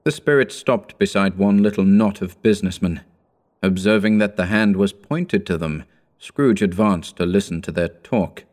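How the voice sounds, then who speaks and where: A man narrating an audiobook in a measured, steady reading. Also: low voice.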